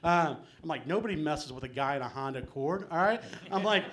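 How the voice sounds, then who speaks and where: Middle-aged man, stand-up comic, slightly raised pitch, rambling, self-mocking, filler-heavy, small club stage. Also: lively intonation, a little fast, fairly bright tone. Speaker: stand-up comedian. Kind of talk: live stand-up set. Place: small comedy venue with live audience.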